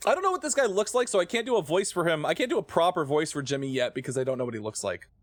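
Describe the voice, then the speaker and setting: A man streaming a video game, chatting and joking excitably, easily startled. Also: fairly high pitch, rapid-fire, no echo. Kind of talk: live game commentary.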